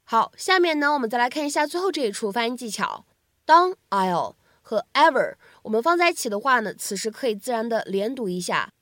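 A woman teaching English pronunciation in a cheerful, explanatory way, slowing down to model each phrase. Her voice sits a touch high and moves lively, recorded close and dry. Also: no echo. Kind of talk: scripted lesson narration.

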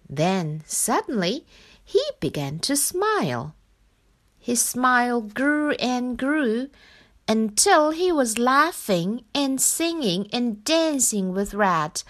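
A woman from China reading a children's picture book aloud in a slow, expressive storytelling manner. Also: fairly high pitch. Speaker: storybook reader.

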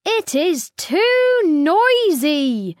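A woman with a British accent voicing a grumpy old male farmer in a children's storybook reading, cross and begging for quiet. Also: very high voice, sing-song, extremely slow, no room sound, studio quality, heavily acted. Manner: cross, pleading for silence.

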